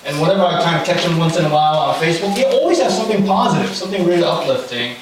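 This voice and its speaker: A young man gives a casual sermon, rambling through anecdotes with plenty of fillers. His voice sits a little high. The sound is very echoey and distant in a church hall, with a faint hiss behind. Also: animated, racing. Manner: chatty, anecdotal, lots of fillers. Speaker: pastor. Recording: very echoey room, far from the mic, faint noise.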